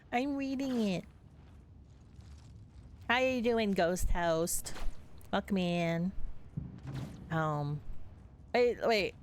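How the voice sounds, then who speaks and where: A woman's voice: mid-range voice, very slow, long pauses, a little hiss or hum. A woman streamer chatting casually with her viewers while playing a game, chatty and giggly. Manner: chatty, giggly, talks to chat. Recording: game music behind.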